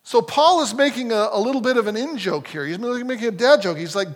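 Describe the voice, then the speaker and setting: A man preaching a sermon as a pastor, talking in a lively, conversational way with frequent restarts. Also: sits high, fast talker, few pauses. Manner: animated, conversational, self-correcting. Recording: long hall reverb.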